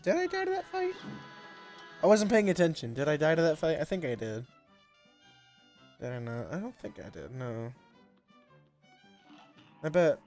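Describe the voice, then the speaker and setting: A man's voice: mid-range voice, darkish tone. Rambling man streaming a game. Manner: rambling, self-deprecating, laughs often. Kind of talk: casual live-stream commentary.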